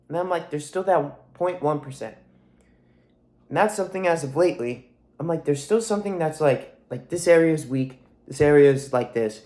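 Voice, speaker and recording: A young man in his twenties, his throat sore and his nose stuffy, talks in a soft voice that sits a little high for a man. He rambles to camera in a profane, emphatic way, swearing often and repeating himself. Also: lively intonation, normal speed. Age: 20s. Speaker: vlogger. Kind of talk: casual monologue to camera.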